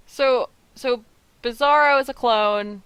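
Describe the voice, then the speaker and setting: A woman's voice: fairly high pitch, slow, a bit bright, clear, resonant tone, dry recording, rough recording. A woman hosting a comics podcast, upbeat as she moves the talk along, though she says she is tired. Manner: upbeat, steering the conversation, tired. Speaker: podcast host. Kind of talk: casual chat.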